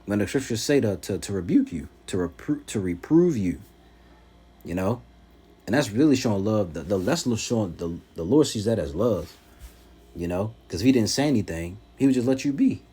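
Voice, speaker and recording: A man's voice: on the low side, animated, normal speed, dark tone, husky. A man preaching at home, teaching from scripture and answering critics in an emphatic, mocking way.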